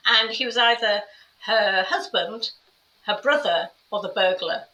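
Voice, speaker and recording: Bright-voiced woman telling a story, roomy. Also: mid-range voice, recorded from a distance, muffled recording, slight background noise. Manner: animated, quick when recounting scenes. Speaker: interview guest, carer. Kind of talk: personal storytelling in conversation. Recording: roomy echo, voice a bit off-mic.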